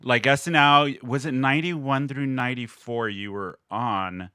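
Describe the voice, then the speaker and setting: A man's voice: medium pitch, unhurried, smooth, no echo. A man in his forties hosting a podcast interview, asking questions with a fan's enthusiasm. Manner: enthusiastic fan questions, animated. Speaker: podcast host.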